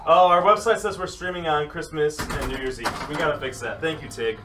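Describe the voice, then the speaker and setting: A man hosts a casual livestream chat from a pinball arcade or game room, telling a long story full of fillers and frequent laughs. His voice is a little high and fairly quick. The mic is distant, the room echoey, and arcade noise is loud.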